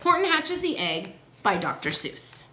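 Casting: bright, high-voiced teacher reading aloud to kids, very lively. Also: female voice, unhurried, slight background noise. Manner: animated, expressive. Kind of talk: read-aloud storytelling.

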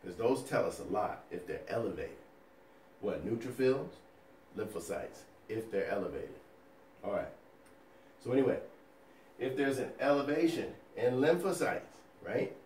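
A male nursing educator teaching a recorded lecture over slides, energetic and folksy, firing rhetorical questions at the listener. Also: medium pitch, normal speed, long pauses, roomy sound, recorded from a distance, a little hiss or hum. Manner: folksy and playful.

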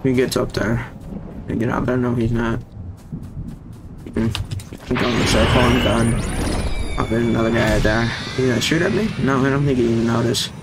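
A young man giving casual, excitable gameplay commentary, jumpy and slangy, with sudden yelps when startled. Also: mid-range voice, moderate pace, long pauses, very noisy. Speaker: gaming YouTuber. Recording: game music and sound effects behind voice. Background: loud game music.

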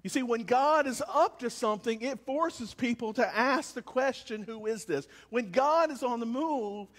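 High-voiced man preaching. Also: moderate pace, in a large hall. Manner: animated, swings between shouting and quiet. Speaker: pastor. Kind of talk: sermon. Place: church service, with cars passing by.

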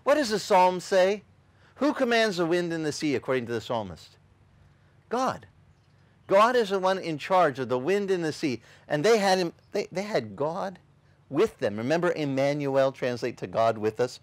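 A male pastor preaching an animated sermon, acting out voices in his stories. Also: fairly high pitch, moderate pace, no room sound. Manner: animated, acts out voices and shouts in quotes. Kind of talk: lively sermon.

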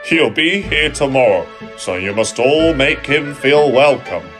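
A man's voice: mid-range voice, animated, a little slow, over music, voice pushed up, lightly acted. A man voicing a genial, chuckling male railway boss in a storybook audio reading. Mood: pleased. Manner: jolly, chuckling.

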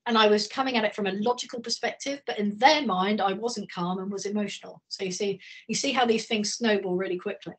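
A woman's voice: mid-range voice, fairly bright tone, breathy edge. A middle-aged woman giving a conversational communication training talk, telling anecdotes. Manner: conversational, anecdotal, speeds up and slows down. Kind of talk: training talk on a video call. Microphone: video call.

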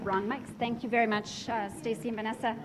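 A woman's voice: fairly high pitch, little pitch movement, a little fast, a crowd in the background, noisy background. A woman hosting a live event, thanking the speakers and introducing the next act in an upbeat way. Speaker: event host. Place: indoor event space with an audience.

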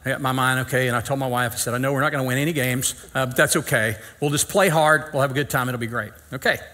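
A man's voice: mid-range voice, fairly even intonation, fast talker, pushed and bright. A middle-aged man, preaching and telling a folksy, funny story, acting out the dialogue. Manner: folksy, acts out dialogue, self-deprecating humor. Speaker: pastor. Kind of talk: sermon storytelling.

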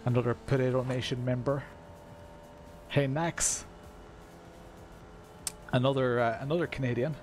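Irish guy, streamer, mid-pitched, easygoing chatter with lots of fillers, talks to his chat while he drives. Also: fairly even intonation, measured pace, pauses often, slight background noise. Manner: chatty, greets viewers by name, many fillers. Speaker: sim racing streamer. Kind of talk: casual live-stream commentary while racing. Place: room at home.

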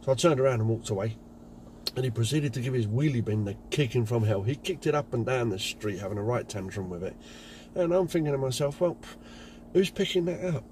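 A man's voice: mid-range voice, darkish tone, a little hiss or hum. A man, a window cleaning business owner, telling anecdotes in a chatty casual vlog. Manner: chatty, anecdotal, many fillers.

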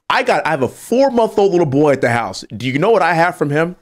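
A man's voice: fairly high pitch, sing-song, fairly quick, hardly any pauses. A man, a congressman, speaking emphatically on a political talk show and building to indignant peaks. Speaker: congressman guest.

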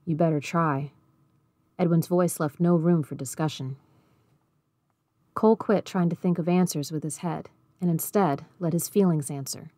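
A woman reads a novel aloud in an even, measured way. Her voice is low and mellow. The recording is close and dry. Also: no echo. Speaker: audiobook reader.

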